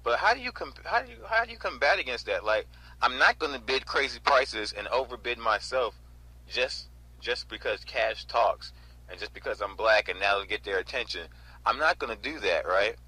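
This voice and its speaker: A man in his twenties from North Carolina casually recounting a storage auction in an animated way, often adding "right?" and "you know?". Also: mid-range voice, normal speed, breathy edge, no echo, poor audio. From North Carolina, USA. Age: 20s. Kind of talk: casual storytelling vlog.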